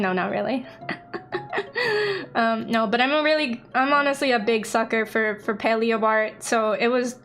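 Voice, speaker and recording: A young woman with a high voice streams as a VTuber and chats casually. She is excitable and laughs a lot, and she acts out both sides of the conversations she retells. Faint music plays under her voice.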